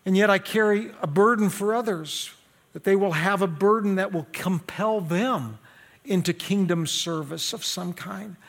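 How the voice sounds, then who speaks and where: A man preaching a sermon as pastor, swinging between loud emphatic peaks and quiet, low stretches. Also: gravelly.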